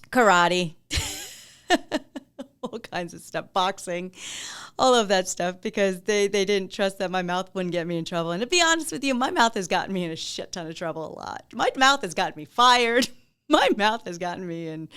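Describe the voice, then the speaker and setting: Woman podcast host with a smooth voice, mid pitch, candid and loose, laughs often. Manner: candid, warm-hearted, laughs often, swears freely. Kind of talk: casual monologue to listeners.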